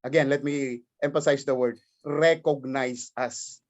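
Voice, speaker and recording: A man's voice: mid-range voice, fairly even intonation, measured pace, highs cut off. A man from the Philippines with a Filipino accent, giving an emphatic formal speech at a virtual forum and repeating his key points. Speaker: cooperative leader giving remarks.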